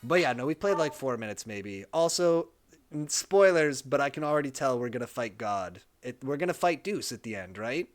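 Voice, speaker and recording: A man's voice: mid-range voice, expressive, moderate pace, soft background music. A man streaming a game live, reading its text aloud and joking about it as he goes. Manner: jokey, reads game text aloud and riffs on it. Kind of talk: casual live-stream commentary.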